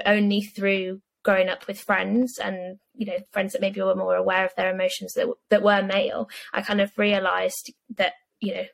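A woman hosts an interview podcast, asking her questions gently and adding her own thoughts. Her voice stays flat and even, with a gravelly fry. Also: mid-range voice. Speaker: podcast host.

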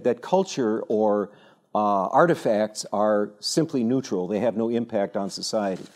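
A man in his sixties speaking to a younger audience in an animated, rambling storytelling way, full of fillers and restarts. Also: medium pitch. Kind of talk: informal talk with anecdotes.

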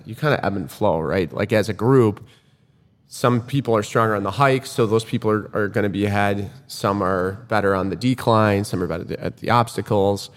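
A man casually retelling a race to a friend, acting out what people said. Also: lowish voice. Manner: animated retelling, acts out quoted lines. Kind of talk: casual storytelling chat. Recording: room with long reverb.

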